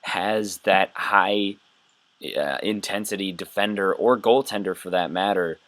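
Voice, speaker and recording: A man's voice: low voice, a little slow, fairly bright tone, no room sound. A man hosting a casual sports podcast, running through stats and game previews in a broadcaster's manner. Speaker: podcast host.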